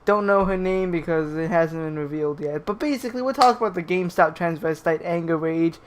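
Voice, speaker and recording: A man's voice: a little high, brisk, a little hiss or hum. A young man commenting on clips, swearing constantly and stumbling over his words as he restarts them. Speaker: YouTube commentator. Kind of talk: profane rant commentary.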